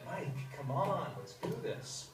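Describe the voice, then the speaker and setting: An actor playing a friendly but pushy customer who coaxes and bargains. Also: male voice, on the high side, takes it slowly, over music. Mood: coaxing. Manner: coaxing, bargaining. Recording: distant video playback in an echoey room, clear noise.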